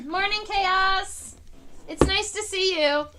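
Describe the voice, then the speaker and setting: A woman's voice: drawn-out words, background noise. A young woman hosting a casual home livestream, telling a story about her pets in a chatty way, with many fillers. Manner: animated, pitch rising on exciting parts. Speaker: entomologist streamer. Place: home living room.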